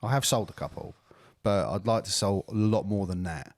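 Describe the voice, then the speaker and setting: A man's voice: on the low side, moderate pace, dry recording, clean studio sound. A man co-hosting a podcast, ranting and swearing in casual chat. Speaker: podcast co-host.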